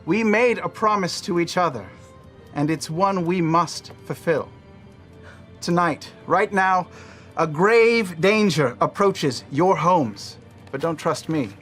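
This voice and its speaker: A man voicing a grandiose male herald who reads the news in booming, theatrical proclamations. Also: a bit bright, soft background music. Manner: booming proclamations, dramatic pauses.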